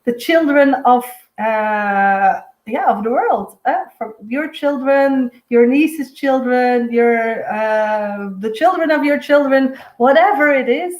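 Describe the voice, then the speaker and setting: A woman with a Dutch accent, a native Dutch speaker, giving a live spiritual reading in a dreamy, halting way with many fillers. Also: high-pitched, darkish tone, reverberant, low-quality recording. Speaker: intuitive medium giving a weekly reading. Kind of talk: live-streamed spiritual reading, casual chat.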